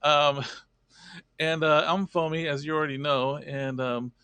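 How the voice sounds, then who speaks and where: A man's voice: a little high, steady tone, slow pace, sharp tone, clean tone, dry recording. A man hosting a casual live stream, rambling and chatty, greeting viewers by name.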